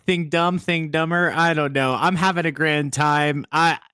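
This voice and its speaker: A laid-back male podcast co-host who pokes fun at himself and swears now and then. His voice sits fairly high for a man. The recording is dry and close. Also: fairly even intonation, measured pace, sharp tone, clean tone, no room sound. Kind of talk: casual podcast chat.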